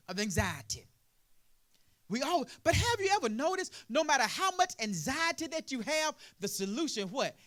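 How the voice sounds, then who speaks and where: A male preacher with an extremely high-pitched voice poses "what?" to himself and supplies the answer in a call-and-response sermon. He starts out explaining quietly and builds to loud preaching.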